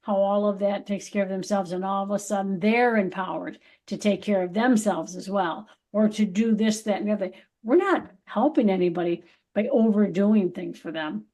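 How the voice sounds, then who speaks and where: A woman's voice: mid-range voice, moderate pace, dark tone. A middle-aged woman co-hosting a podcast, giving a casual, emphatic spiritual pep talk that is full of swearing and acted-out quotes. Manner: emphatic, swears freely, acts out voices of others. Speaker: podcast co-host.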